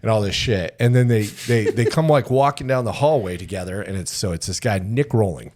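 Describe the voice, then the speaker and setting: Brief: middle-aged American ex-soldier, podcast guest, low voice, loose profane storytelling with acted-out quotes. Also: male voice, a little fast, darkish tone, slight background noise. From United States. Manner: profane, rambling, fills speech with "like", acts out quoted lines. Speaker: podcast guest, retired Army sergeant major. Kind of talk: casual storytelling.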